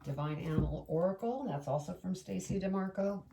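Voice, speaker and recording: A woman leads a relaxed tarot reading, wandering from thought to thought and speaking aloud to spirit between cards. Her voice sits low and has a gravelly edge. She is recorded from a distance, with a clear layer of background noise. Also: fairly quick. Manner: chatty, meandering, addresses spirit aloud. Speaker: tarot reader. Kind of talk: casual tarot reading to camera.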